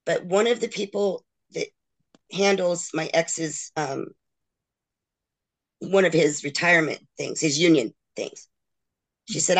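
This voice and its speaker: A woman's voice: lowish voice, slow, long pauses. Middle-aged woman guest, candid and emotional, acts out others' words as she tells her story. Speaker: interview guest.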